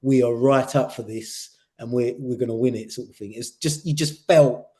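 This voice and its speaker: A man co-hosting a casual podcast. He talks earnestly and often repeats himself, with a steady stream of "yeah" and "sort of thing". His voice sits at a mid pitch. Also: moderate pace. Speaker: podcast co-host. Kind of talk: casual chat.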